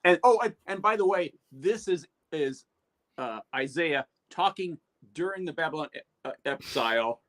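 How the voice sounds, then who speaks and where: A man's voice: a little high, lively intonation, normal speed, fairly bright tone. A man in a casual panel chat, talking chattily and laughing as he explains.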